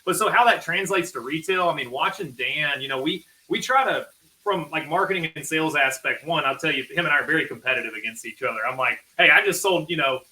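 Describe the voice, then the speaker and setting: A man from Kentucky, a sales guest, talking in an energetic, casual way on a podcast. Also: fairly high pitch, fast, rough recording.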